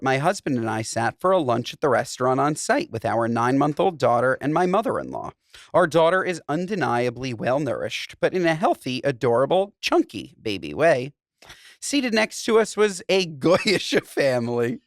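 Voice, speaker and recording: Guy cohosting a podcast, laughs a lot, swears, super bouncy pitch. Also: no room sound, clean studio sound. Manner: animated, laughing often, crude joking; reads a listener letter aloud. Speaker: podcast co-host. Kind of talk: casual chat.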